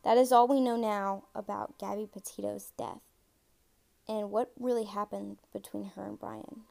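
A woman hosting a casual true-crime podcast, chatty and excitable, talking straight to her listeners and stumbling over words now and then as she reads. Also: medium pitch, moderate pace, creaky. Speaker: podcast host.

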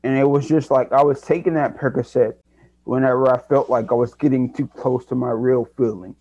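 A man's voice: mid-range voice, steady tone, fairly quick, a little mellow, slight background noise. A young man, a guest in an interview, telling his own story in an earnest, reflective way and often restarting his sentences. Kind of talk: candid personal story. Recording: dry, dull lo-fi sound.

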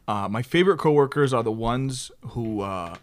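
A young man co-hosting a casual podcast, telling stories in a lively but halting way with many restarts. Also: mid-range voice, clean tone. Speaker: podcast co-host. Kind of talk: casual storytelling chat.

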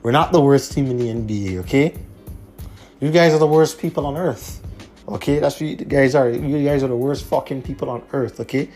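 A man's voice: mid-range voice, fairly quick, mellow, soft background music. Profane, emphatic man hosting. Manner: blunt, profane, emphatic with heavy repetition. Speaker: podcast host. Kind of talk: casual monologue.

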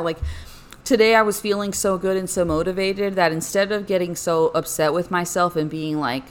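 Young female podcast host, slightly low voice, chatty and rambling, energetic bursts. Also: moderate pace. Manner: rambling, frequent "like" fillers, animated bursts. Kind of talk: casual personal podcast monologue.

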